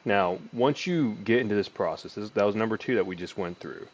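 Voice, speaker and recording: A man with a lowish voice talks through sales call techniques in a loose, conversational teaching style. He peppers his speech with fillers and restarts, and his inflection swings up and down. The recording sounds a little dull and lo-fi. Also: fairly quick. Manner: lively inflection, pitch rising and falling. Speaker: sales trainer. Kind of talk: casual teaching monologue with role-played call lines.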